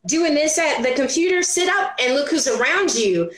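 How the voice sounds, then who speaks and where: A woman guest on a business talk show, chatting casually and acting out quotes in an animated way. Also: high voice, normal speed. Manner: animated, acts out her own and others' quotes with laughs. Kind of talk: casual interview chat. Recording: roomy echo.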